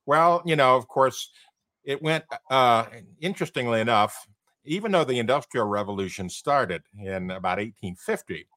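A man's voice: mid-range voice, normal speed, no echo. A man hosting a panel discussion, walking through charts and asking rhetorical questions. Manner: animated, fond of rhetorical questions. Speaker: show host.

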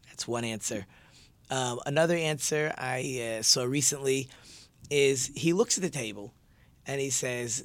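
A man's voice: mid-range voice, a little slow, fairly bright tone, clear, resonant tone, dry recording. A male teacher giving a conversational religious lesson and posing rhetorical questions to his listeners.

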